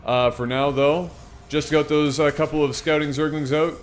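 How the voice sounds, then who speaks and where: Joking male esports caster, higher voice. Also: steady tone, normal speed, a little hiss or hum. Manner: joking, irreverent, swears casually. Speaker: game commentator. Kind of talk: casual esports commentary.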